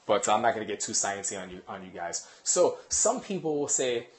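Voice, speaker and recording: A dog trainer with a fairly low voice explains things casually to a live audience, quick and animated and leaning heavily on analogies.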